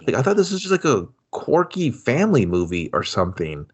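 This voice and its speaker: A man co-hosting a podcast, rambling in bemused disbelief and laughing easily. His pitch jumps around a lot as he talks. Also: very animated, a little fast, hardly any pauses, husky. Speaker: podcast co-host. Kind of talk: casual movie review chat.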